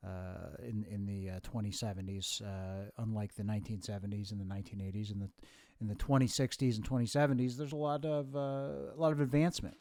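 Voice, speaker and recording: A man playing his own future self, a nearly hundred-year-old time traveler who speaks slowly and lectures like a professor, with many hesitations. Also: fairly low pitch, steady tone, a little mellow, dry recording, clean studio sound, pitched below the performer's own voice, lightly acted. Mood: grave. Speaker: host. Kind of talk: comedy sketch with himself.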